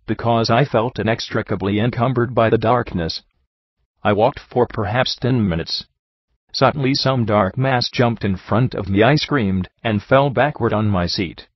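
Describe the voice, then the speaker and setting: A man narrating a book in a steady, measured reading style. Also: on the low side, husky, no echo. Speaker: audiobook narrator. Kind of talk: scripted narration. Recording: slightly muffled lo-fi recording.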